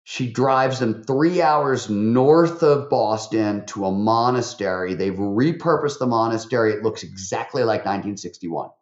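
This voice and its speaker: A man, a podcast guest, tells stories in an animated way, with lots of fillers and restarts. His voice jumps up when he quotes people. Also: on the low side, measured pace, hardly any pauses. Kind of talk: animated interview storytelling. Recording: roomy, slightly dull recording.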